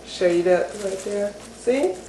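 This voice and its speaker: A woman giving a casual, enthusiastic cooking how-to demonstration at home, chatty and getting excited. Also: mid-range voice, unhurried. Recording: roomy echo with faint background noise.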